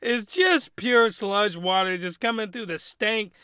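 A man hosting a casual solo podcast review, telling it in a crude, rambling, animated way into a podcast microphone. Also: high-pitched, measured pace, clean tone, no room sound, clean studio sound. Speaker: podcast host.

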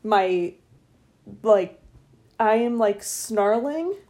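A middle-aged woman in casual podcast chat, spinning stories with plenty of lift and drop in her voice. She acts out the people in them. Her tone is dark and mellow. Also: mid-range voice, drawn-out words. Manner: animated storytelling, acts out voices. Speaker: podcast co-host.

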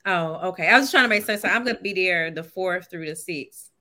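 A woman's voice: on the low side, fairly quick, bright, forceful tone. A woman co-hosting a podcast, sharing announcements in casual chat while thinking aloud with fillers. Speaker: podcast co-host.

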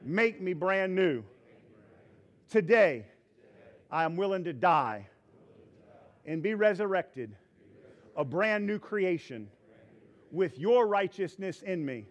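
A man preaching in a church, high in pitch for his sex. He moves between fervent, worked-up preaching and a quiet, gentle altar-call prayer. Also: lively intonation, takes it slowly, long pauses. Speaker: pastor. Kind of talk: sermon. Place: church sanctuary.

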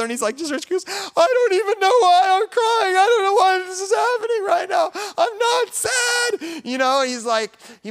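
Middle-aged guy pastor preaching, high smooth voice, earnest, lots of restarts. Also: a bit bright. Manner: earnest, rambling with many restarts. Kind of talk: sermon.

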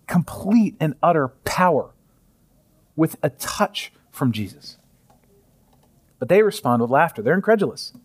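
A man in his thirties preaching a sermon in a conversational way, often chuckling and sometimes dropping to a soft near-whisper. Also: medium pitch. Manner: chuckles often while speaking. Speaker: pastor.

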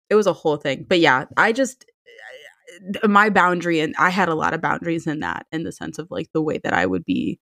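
A woman's voice: fairly low pitch, big pitch swings, brisk, bright, forceful tone, no room sound. Young woman, podcast co-host, casual chat, blunt and profane, acts out quotes, dry close sound.

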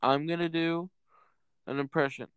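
Joking young man, smooth dry voice. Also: on the high side, steady tone, moderate pace, a bit bright, no echo. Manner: joking, laughs often, crude. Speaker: podcast co-host. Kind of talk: casual chat.

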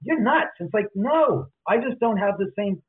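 A man telling stories as an interview guest, lively, acting out the voices of people he quotes. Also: sits high, moderate pace. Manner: animated, acts out quoted voices. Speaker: author and guest. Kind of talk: casual storytelling interview. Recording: tinny phone-line audio.

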